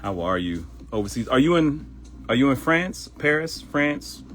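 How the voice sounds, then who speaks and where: A middle-aged man from Baltimore hosting a live stream, animated and chatty, greeting viewers by name and joking. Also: medium pitch, normal speed, soft background music. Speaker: live show host. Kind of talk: live-stream casual chat.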